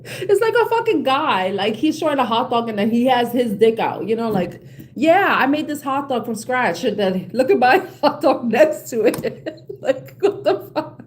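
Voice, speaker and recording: A woman's voice: a little high, big pitch swings, normal speed, darkish tone. Blunt, laughing woman ranting. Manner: blunt, swears freely, laughs often, gets heated. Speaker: tarot reader. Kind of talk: casual ranting chat to viewers.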